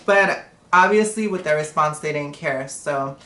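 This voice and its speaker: A woman's voice: deep voice, measured pace, sharp tone, echoey room, slight background noise. A woman telling a story on a live stream in a blunt, profane, casual way. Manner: blunt and profane, retelling a confrontation.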